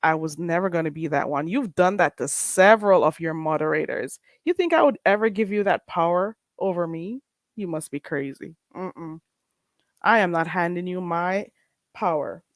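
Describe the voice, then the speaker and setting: A woman with a Caribbean accent hosting a casual livestream chat, emphatic and animated, often laughing as she talks. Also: lowish voice, normal speed, no room sound. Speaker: livestream host.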